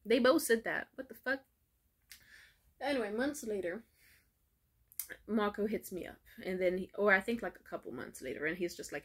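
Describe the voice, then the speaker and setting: Young adult woman, casual vlog rant, profane, filler-heavy, lively retelling. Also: medium pitch, normal speed, long pauses, breathy edge. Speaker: vlogger.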